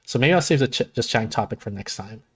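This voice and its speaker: A man's voice: mid-range voice, lively intonation, quick pace, husky. A man hosting a live stream in casual chat, thinking aloud with many false starts. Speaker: streamer host.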